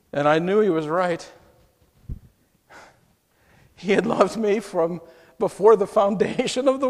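A male pastor preaching an emotional first-person story, heartfelt, going from hushed to exclaiming, in a church sanctuary. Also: high voice. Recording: long hall reverb.

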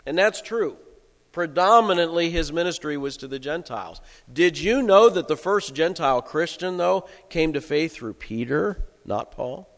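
A male pastor giving a sermon in a relaxed, conversational storytelling way. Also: on the high side, moderate pace, in a large hall.

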